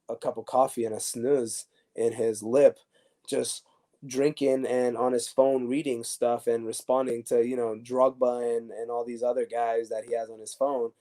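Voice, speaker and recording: A man's voice: mid-range voice, moderate pace. A man, a former professional soccer defender, telling stories in a casual interview with lots of restarts and fillers. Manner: animated, many restarts and fillers.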